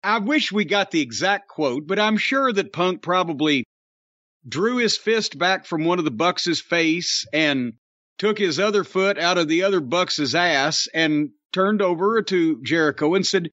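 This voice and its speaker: A man's voice: sits high, lively intonation, unhurried, fairly bright tone, no room sound, muffled recording. A man hosting a podcast, talking in a sarcastic, profane, mocking way. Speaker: podcast host. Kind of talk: casual podcast chat.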